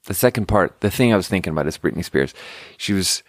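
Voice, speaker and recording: A man's voice: deep voice, animated, fast talker, no echo, clean studio sound. A young man hosting a podcast, talking in a meandering, self-interrupting way with casual swearing. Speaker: podcast host. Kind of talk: rambling casual monologue.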